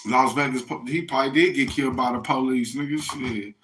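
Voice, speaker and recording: A man's voice: mid-range voice, fairly quick, fairly bright tone, slight background noise. A man from the United States rambling in a casual monologue, profane and slangy, talking straight to his listeners. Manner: profane, slangy street talk, addressing listeners directly.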